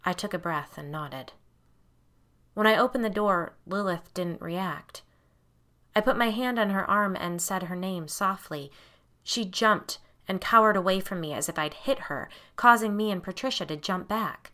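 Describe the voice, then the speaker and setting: A woman reading a first-person horror story aloud in a measured, hushed storytelling manner. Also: mid-range voice. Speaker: audiobook narrator.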